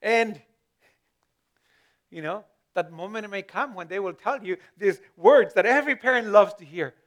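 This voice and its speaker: Male pastor, sermon, high voice, conversational, rising for emphasis. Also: normal speed, a bit bright. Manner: conversational, repeats words when searching, voice rises for emphasis.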